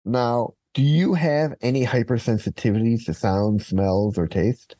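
A man's voice: medium pitch, unhurried, warm tone, dry recording. A man hosting a podcast, telling a personal story step by step in casual conversation. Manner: storytelling, narrates events step by step. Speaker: podcast host.

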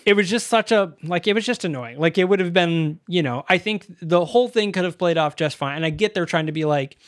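Podcast co-host, male, high-ish voice, dry close sound, exasperated laugher. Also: brisk, fairly bright tone, no room sound. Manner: laughing, exasperated, swears freely. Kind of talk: casual movie review chat.

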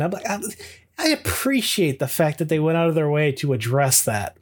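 A man's voice: on the high side, sing-song, moderate pace. A man co-hosting a podcast, recapping a TV episode in casual chat and laughing often as he retells it. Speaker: podcast co-host.

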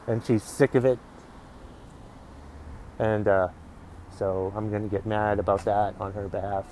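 A man's voice: fairly low pitch, flat delivery, unhurried, darkish tone, a little hiss or hum, rough recording. A man hosting a comedy podcast alone, talking outdoors in public in a profane, grumbling, ranting way. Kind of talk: casual solo podcast rant.

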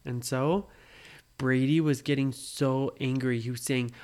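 A woman telling an improvised bedtime story to a child, animated and often pausing to ask what happened next. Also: very deep voice. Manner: animated, asks questions to draw the listener in.

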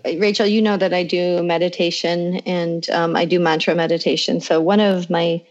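A woman co-hosting a podcast, talking in a relaxed, encouraging way and rambling a little with fillers. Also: fairly low pitch, normal speed, muffled recording. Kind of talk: casual conversation.

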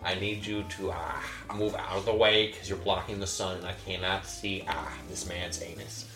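A man doing improv comedy in a brisk, mock-professional manner. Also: low voice, little pitch movement, sharp tone, reverberant, faint music behind.

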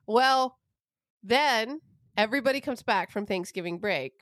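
A woman's voice: on the high side, expressive, measured pace, a bit bright, no echo. A young adult woman telling a long, rambling, profane story in casual chat.

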